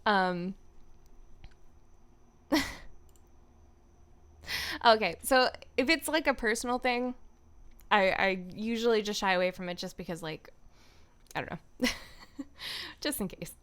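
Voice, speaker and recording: A woman voice actor chatting casually on a livestream from home, self-deprecating, laughing often and filling pauses with ums. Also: medium pitch, fairly bright tone, smooth. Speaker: voice actor streamer.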